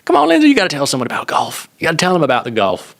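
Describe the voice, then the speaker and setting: A man's voice: fairly high pitch, wildly swooping pitch, rapid-fire, creaky, fairly bright tone, voice pushed up, full character voice. A man putting on a mock Southern accent as he coaxes and teases someone. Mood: teasing. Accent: put-on Southern US. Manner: teasing, wheedling.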